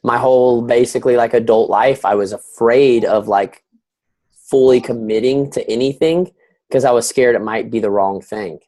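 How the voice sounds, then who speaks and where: A man's voice: mid-range voice, fairly even intonation, moderate pace, mellow. Upbeat male guest coach, self-deprecating, talks freely and fills silence. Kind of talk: casual call chat.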